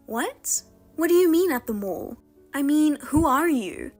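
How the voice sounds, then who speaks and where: A woman tells a first-person drama story with a fairly high, lively voice. She speaks with reproachful indignation, steady and direct, as she confronts a sister who wronged her. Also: unhurried, soft background music. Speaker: narrator and wronged wife.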